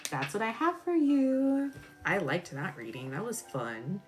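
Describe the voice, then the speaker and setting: A woman doing a live-stream tarot reading, chatty and expressive, jumping from excited squeals to low murmurs as she talks to her viewers. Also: unhurried, over music. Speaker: tarot reader.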